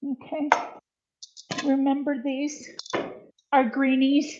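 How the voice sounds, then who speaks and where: Older female livestream cook, chatty and unhurried, high voice, dull home-stream audio. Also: level tone, noisy background. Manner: chatty, talks to viewers while cooking, frequent ums. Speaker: livestream cooking host. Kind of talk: casual live cooking chat. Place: home kitchen.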